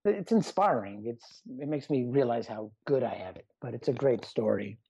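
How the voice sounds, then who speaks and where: Man, middle-aged, doctor guest, rambling chat, warm husky voice, dull lo-fi sound. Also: mid-range voice, lively intonation, moderate pace, dry recording. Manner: rambling, self-deprecating, restarts often. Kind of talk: casual interview chat. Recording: muffled lo-fi sound.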